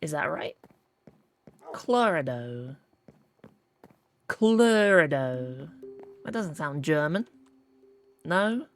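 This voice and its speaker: A woman's voice: sits low, expressive, measured pace, pauses often, fairly bright tone. A woman streaming a game, chatting playfully and poking fun at herself as she plays. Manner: playful, chatty and self-mocking while playing. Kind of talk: casual gaming stream chat.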